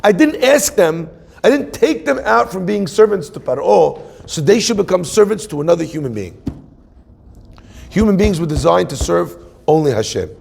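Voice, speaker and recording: Husky, gravelly rabbi preaching in a hall. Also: male voice, high voice, big pitch swings, moderate pace, a little mellow. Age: 40s. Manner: joking, conversational, asks the audience questions. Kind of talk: humorous sermon. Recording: long hall reverb.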